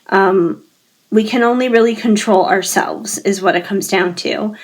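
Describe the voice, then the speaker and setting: A woman leads a pick-a-card tarot reading at an unhurried pace, musing and reassuring as she speaks to her viewers. Her voice keeps slipping away, and she clears her throat again and again. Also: medium pitch.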